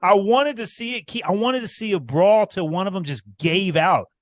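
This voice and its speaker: A man rants into a podcast mic, profane and heated, jumping into loud outbursts. The sound is dry and close, with no room around it. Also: sits high, moderate pace, dry recording. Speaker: podcast co-host. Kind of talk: ranting casual chat.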